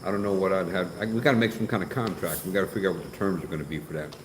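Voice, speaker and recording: A man's voice: low voice, rapid-fire. Guy rambling and teasing on a night livestream, echoey, crickets faint behind. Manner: teasing, chatty, joking. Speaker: livestream host. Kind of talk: casual livestream chat reading comments. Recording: echoey with faint background noise.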